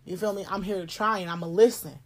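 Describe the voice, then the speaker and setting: A woman, telling a personal story in a blunt, animated way, swearing and laughing often. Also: medium pitch, fast. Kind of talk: casual storytime chat.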